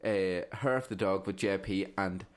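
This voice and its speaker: A young man, a podcast co-host, chatting casually, animated, swearing and laughing often. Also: low-pitched, moderate pace. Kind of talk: casual chat.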